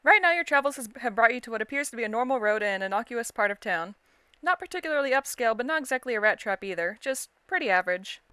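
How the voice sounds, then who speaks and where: A woman's voice: on the high side, animated, quick pace, fairly bright tone, clear, resonant tone, no echo. Chatty, giggly woman reading a game. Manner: chatty, giggly and self-deprecating. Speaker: let's-play host. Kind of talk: casual game commentary and reading.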